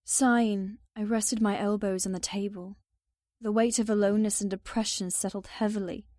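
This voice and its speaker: Mellow-voiced woman narrating an audiobook. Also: medium pitch, fairly even intonation, normal speed, no room sound, clean studio sound. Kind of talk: first-person audiobook narration.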